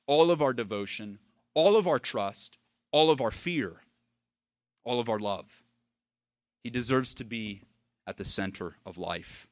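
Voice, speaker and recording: A man preaching a sermon to his congregation, swinging from hushed, low passages to loud, emphatic peaks. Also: dry recording, studio quality. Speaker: pastor.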